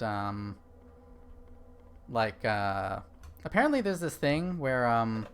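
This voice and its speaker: A man's voice: mid-range voice, a little hiss or hum. A young man chatting casually while streaming a horror game, rambling with lots of fillers and restarts. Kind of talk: casual gaming stream chat.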